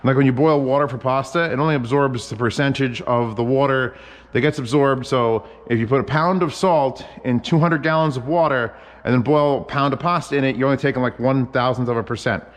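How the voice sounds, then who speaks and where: Cooking in his home kitchen, a man rambles casually, swears freely and drifts into chatty asides. His mid-range voice holds a steady tone at a slightly quick pace, and it sounds like a large hall.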